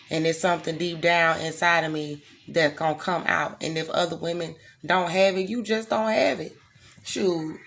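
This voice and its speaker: Gravelly, indignant American woman ranting. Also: low-pitched. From United States. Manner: blunt, profane, indignant. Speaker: vlogger. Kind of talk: impassioned direct-to-camera rant.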